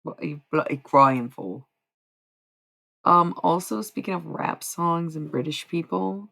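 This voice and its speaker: A woman streaming live, chatting casually and profanely with her viewers, rambling between quiet musing and loud bursts. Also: sits low, animated, unhurried, vocal fry. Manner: rambling, profane, talks to chat.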